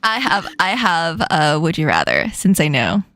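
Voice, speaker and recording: A woman hosting a casual stream chat, playful and quick to laugh, asking her guest questions. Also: low-pitched, wildly swooping pitch, fairly bright tone. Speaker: streamer host.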